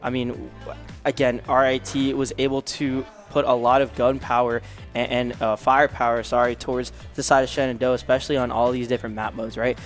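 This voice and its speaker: A young man doing color commentary on live college esports, excitable and yelling at big plays. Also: medium pitch, fairly quick, soft background music.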